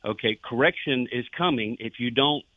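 A man's voice: mid-range voice, moderate pace, no room sound. A man and former police officer, telling stories and preaching earnestly on a Christian radio talk show. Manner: earnest, preachy storyteller who acts out dialogue. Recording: tinny phone-line radio sound, dry.

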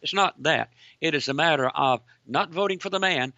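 A man with a gravelly, bright voice delivers preaching political talk full of rhetorical lists. He speaks emphatically, a little higher than most men. The sound is dry and slightly dull. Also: normal speed, no room sound. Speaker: host.

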